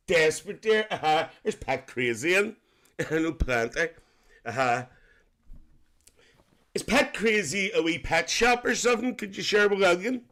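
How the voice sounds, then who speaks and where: Guy doing a cheeky northern irish aunty, bit high, voice jumps all over, calls everyone dear. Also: animated, measured pace, pauses often, fairly bright tone, heavily acted. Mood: gossipy. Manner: chatty, calls everyone dear, laughs often. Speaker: livestream host. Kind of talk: live-stream chat with viewers.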